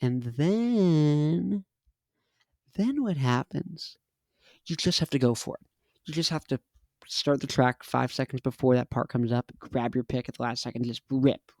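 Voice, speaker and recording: A man's voice: medium pitch, darkish tone, no echo. A man in his twenties, hosting a casual monologue, talking in an emphatic, repetitive, punchy way. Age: 20s. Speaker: host.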